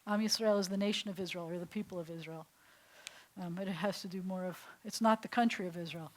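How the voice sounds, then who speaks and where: A woman's voice: fairly low pitch, fairly even intonation, fast talker. A woman, a rabbi teaching a small class in a classroom, chatty and step by step, often putting questions to her students. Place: classroom with a small group seated.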